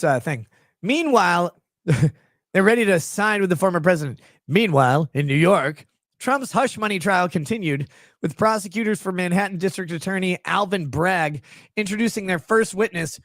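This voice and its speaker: A man with a high-pitched voice hosts a commentary show, reading news and cutting in with mocking, profane asides. He sounds close to the mic in a dry, dead room. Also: moderate pace, fairly bright tone, no echo. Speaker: legal commentary show host.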